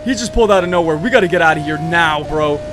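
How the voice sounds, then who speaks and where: A man giving excited, slangy commentary while retelling a game roleplay. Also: fairly high pitch, quick pace, noisy background. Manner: excitable, slangy, reacts loudly to surprises. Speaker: gaming channel host.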